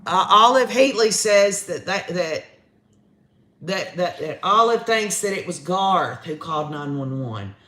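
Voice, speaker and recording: A man's voice: high-pitched, lively intonation, a little slow, sharp tone. A man hosting a true crime live stream, reading viewer comments aloud in a folksy, chatty way. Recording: roomy echo.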